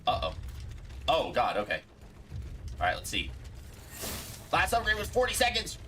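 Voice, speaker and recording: Game streamer chatting live, pitch jumping all over, bright tone, jokey and fed up. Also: measured pace, a little hiss or hum. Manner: animated, playfully exasperated, laughs often. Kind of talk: casual live gameplay commentary.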